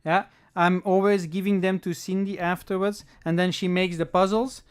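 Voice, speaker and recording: Smooth-voiced chatty card stream host. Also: medium pitch, level tone, moderate pace. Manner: chatty, talks to viewers and reads the chat aloud; thinks aloud with small self-corrections. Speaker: livestream host selling trading card packs. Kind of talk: casual livestream chat while opening packs.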